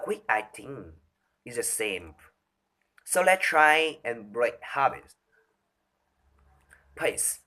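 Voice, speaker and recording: A man reciting a speech from memory, halting and restarting often as he stumbles over words. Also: medium pitch, pushed and bright. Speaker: speaker rehearsing a talk on voice.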